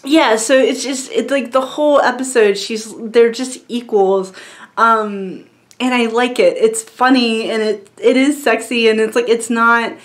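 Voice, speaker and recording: A woman's voice: a little high, fairly even intonation, a little slow. A young woman vlogger chatting casually to camera, rambling with lots of fillers and frequent giggles.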